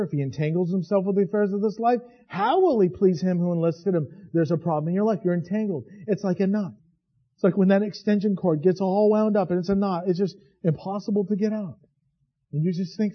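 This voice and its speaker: A man preaching a sermon as pastor, swinging from hushed to loud. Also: sits high, husky, muffled recording.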